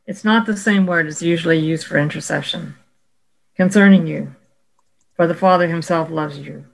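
A woman explaining Bible passages in a relaxed discussion, slowing down to quote verses. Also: on the low side, gravelly, rough recording. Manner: explanatory, quotes scripture slowly, some restarts. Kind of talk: casual scholarly discussion.

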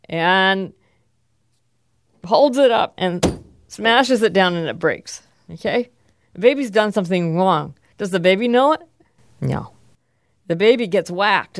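A man's voice: sits high, dry recording, clean studio sound. Man leading a Bible class. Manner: conversational, asks the class questions. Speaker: teacher.

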